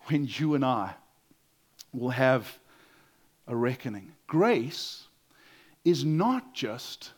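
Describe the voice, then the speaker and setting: A man preaching a sermon in an earnest way, acting out quoted voices and dropping to a quiet voice to stress a point. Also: on the high side. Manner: earnest, acts out quotes, drops to quiet for emphasis.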